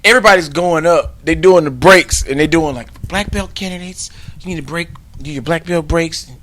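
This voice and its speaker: A man co-hosting a podcast, telling a story in casual chat, profane and boisterous, breaking into shouted yells. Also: a little high, moderate pace. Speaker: podcast co-host.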